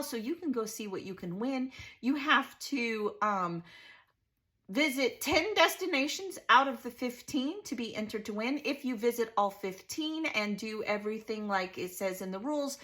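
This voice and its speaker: Bubbly bright-voiced woman vlogger. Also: high-pitched. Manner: bubbly, laughs often while telling stories. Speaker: scrapbooking channel host. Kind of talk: casual chatty vlog.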